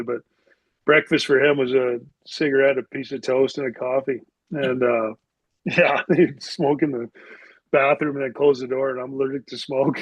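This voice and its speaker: A man's voice: mid-range voice, no room sound. A man from Canada tells stories in a loose, rambling way, his talk full of filler words. The recording is dry and a little muffled, with no room sound around him. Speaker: podcast guest, former hockey player. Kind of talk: casual storytelling.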